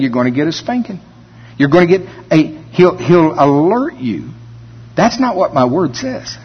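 A man preaching a sermon in an animated way, now and then mimicking whiny complaints in a high voice. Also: moderate pace, husky. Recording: dull recording with long hall reverb.

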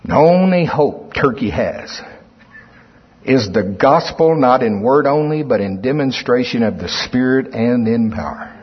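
A man's voice: medium pitch, lively intonation, measured pace, breathy edge. A man preaching a sermon, reading scripture aloud and explaining it, with emphatic swells in volume. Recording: muffled lo-fi recording in a reverberant hall.

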